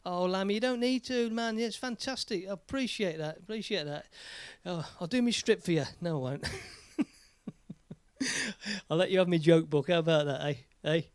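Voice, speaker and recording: A man's voice: high voice, moderate pace, smooth, no echo. Chatty English man hosting a live stream. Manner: chatty, rambling, jokey. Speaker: live stream host and singer. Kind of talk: casual live stream chat.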